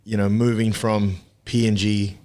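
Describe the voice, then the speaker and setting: A man in his thirties from Papua New Guinea, a podcast guest telling his story in a relaxed, reflective way with many ums and restarts. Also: fairly low pitch, measured pace. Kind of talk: casual interview chat.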